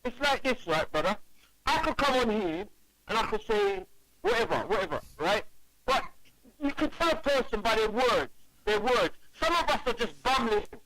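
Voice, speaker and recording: High-voiced emphatic caller. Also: male voice, vocal fry, low-quality recording. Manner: emphatic, repeats words, stumbles. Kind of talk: casual phone-in chat.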